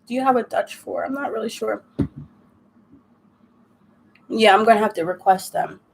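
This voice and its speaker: High-voiced woman ranting on a live stream. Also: normal speed, creaky, slight background noise. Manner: ranting, exasperated, chatty. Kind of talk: casual chat while crafting.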